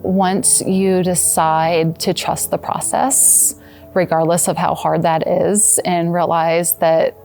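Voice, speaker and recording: A woman in her thirties giving a personal testimonial, earnest and halting, with soft restarts. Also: lowish voice, little pitch movement, gravelly, faint music behind. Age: 30s. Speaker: former patient giving a testimonial.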